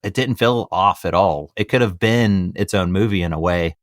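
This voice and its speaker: A man's voice: low voice, normal speed, no echo, clean studio sound. A man hosting a casual podcast discussion, rambling a bit and repeating himself as he passes questions to his guests. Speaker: podcast host. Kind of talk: casual chat.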